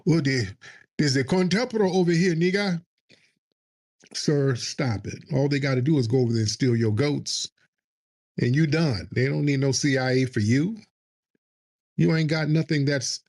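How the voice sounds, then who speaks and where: A man's voice: medium pitch, a little mellow. A man hosting a call-in livestream show, talking in a combative, mocking way. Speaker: host.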